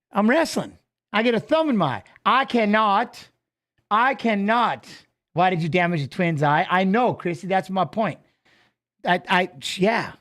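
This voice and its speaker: Guy with a high voice rambling and cussing on a livestream, jokey. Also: fairly bright tone. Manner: rambling, profane, joking. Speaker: show host. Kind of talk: casual livestream chat.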